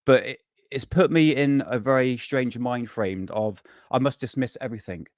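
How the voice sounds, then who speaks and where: A man's voice: mid-range voice, normal speed, no echo. Burnt out dude rambling on his live stream, swears a lot, dry close sound. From United Kingdom. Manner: rambling, swears freely, greets chat viewers. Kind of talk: casual live stream chat.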